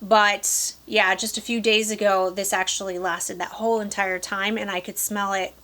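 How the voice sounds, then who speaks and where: Woman in her thirties, Upper Peninsula Michigan accent, bright voice, chatty vlogger reviewing at close range. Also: medium pitch, level tone, normal speed. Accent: Upper Peninsula Michigan (Yooper). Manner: chatty, enthusiastic, addresses viewers directly. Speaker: perfume vlogger. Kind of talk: casual product review to camera.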